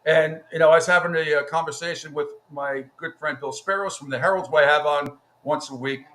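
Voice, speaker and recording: A man's voice: a little high, fairly even intonation, a little fast, bright, forceful tone. A man hosting a radio show, talking bluntly and profanely about the business, often restarting his sentences. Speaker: radio host. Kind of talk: casual radio chat.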